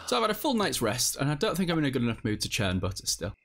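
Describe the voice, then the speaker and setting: A man's voice: medium pitch, very animated, rapid-fire, fairly bright tone. A man giving casual, self-mocking commentary over a video game, with a non-American English accent. He swears freely and laughs often. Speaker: let's play host.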